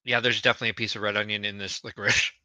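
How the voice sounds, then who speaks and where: Very bright-voiced chatty male co-host. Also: on the low side, flat delivery, rapid-fire, smooth, dry recording. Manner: chatty and enthusiastic, reads viewer comments aloud. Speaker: podcast co-host. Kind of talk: casual livestream chat.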